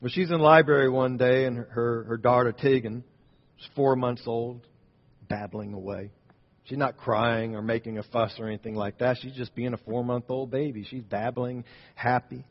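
A man's voice: mid-range voice, steady tone, moderate pace. Man preaching in a reverberant hall. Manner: storytelling, rising and falling in volume. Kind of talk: sermon. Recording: dull sound in a reverberant hall.

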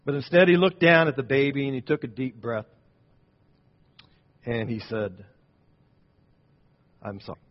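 A man preaching a sermon, telling a story as he builds to loud points and drops to quiet ones. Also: medium pitch, normal speed, long pauses. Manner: storytelling, rising and falling in volume. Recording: dull sound in a reverberant hall.

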